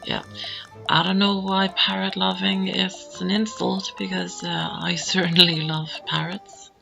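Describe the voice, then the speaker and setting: A woman's voice: lowish voice, level tone, measured pace, creaky, bright, forceful tone, faint music behind. Chatty woman narrating gameplay. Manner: chatty, rambling with fillers. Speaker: gameplay commentator. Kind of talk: casual let's-play commentary. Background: game audio.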